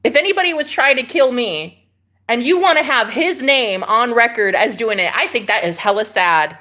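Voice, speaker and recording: Sassy, animated woman chatting live. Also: on the high side, moderate pace. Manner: sassy, animated and laughing, talks back to viewers' comments. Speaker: livestream host. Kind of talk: casual spiritual livestream chat. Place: rented room indoors.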